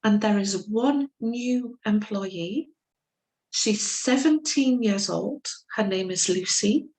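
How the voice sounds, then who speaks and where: Slow, deliberate woman lecturing. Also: medium pitch, a little mellow, poor audio. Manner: slow, deliberate storytelling, acting out quoted speakers. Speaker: legal English teacher. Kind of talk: lecture with case stories.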